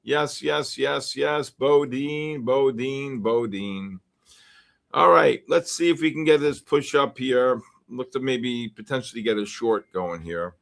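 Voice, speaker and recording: A man from the Bronx, hosting a live futures trading stream and reacting excitably to the market while greeting viewers. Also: mid-range voice, takes it slowly, gravelly. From the Bronx, New York. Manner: excitable, greets chat names in bursts. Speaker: host and futures trader.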